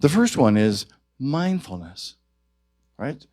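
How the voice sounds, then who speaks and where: A male minister giving a sermon at a church service, gentle and reflective, his voice rising to stress key points. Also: medium pitch, big pitch swings, takes it slowly, no echo, studio quality.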